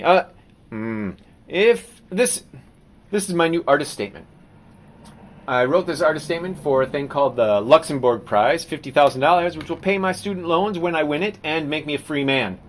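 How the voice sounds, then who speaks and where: A man, a painter, rambling on a live stream and reading his artist statement aloud, swinging from muttering to loud theatrical outbursts. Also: medium pitch, slight background noise.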